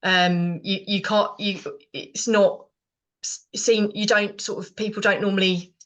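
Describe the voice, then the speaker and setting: A woman's voice: mid-range voice, level tone, a little slow, fairly bright tone. Middle-aged British woman, rambling podcast co-host, lots of ums and restarts. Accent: British English. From Britain. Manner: rambling, many fillers and restarts. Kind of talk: casual chat.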